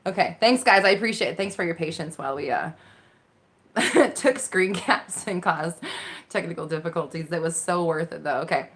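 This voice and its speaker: A woman's voice: fairly low pitch, moderate pace, a bit bright. A woman hosting a live Q&A as a mindset coach, chatting casually into her phone, reacting to viewer comments with frequent laughter and casual swearing. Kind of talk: casual live-stream chat.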